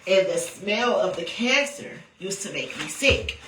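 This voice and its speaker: A woman's voice: on the low side, lively intonation, unhurried, noisy background. Candid woman. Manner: candid, profane, rambling with frequent "or whatever". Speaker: vlogger telling a personal story. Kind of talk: casual storytelling. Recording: roomy, distant from the mic.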